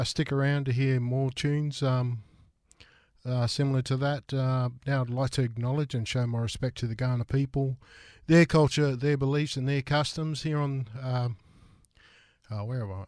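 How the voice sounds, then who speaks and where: An Australian man hosts a music show from a radio studio, sounding a bit out of breath. He talks in a halting way with plenty of filler sounds. His voice sits at an ordinary middle pitch, and the studio mic is close and dry. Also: darkish tone, dry recording. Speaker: radio host.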